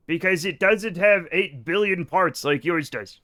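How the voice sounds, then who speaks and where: A man streams a game live, talking to his chat in an animated, joking way with casual swearing. His voice sits high and sounds bright and forward. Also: unhurried, hardly any pauses.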